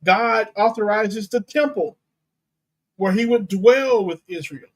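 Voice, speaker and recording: A pastor giving a teaching sermon, reading and explaining Bible verses in a deliberate way and unpacking Greek words. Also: male voice, high-pitched, rough recording. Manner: slow, deliberate Bible exposition with Greek terms.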